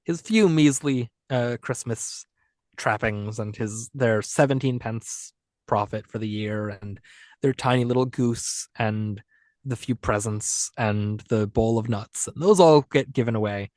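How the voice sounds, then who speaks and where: A man's voice: medium pitch, measured pace, a little mellow, no echo, clean studio sound. A man co-hosting a podcast, rambling and joking in casual chat. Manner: rambling, chatty, jokey. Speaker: podcast co-host.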